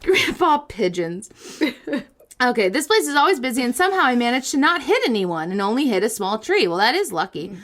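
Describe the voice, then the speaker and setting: A woman's voice: on the high side, big pitch swings, brisk. A woman co-hosting a casual podcast, reading listener stories aloud with playful comic asides and frequent laughter.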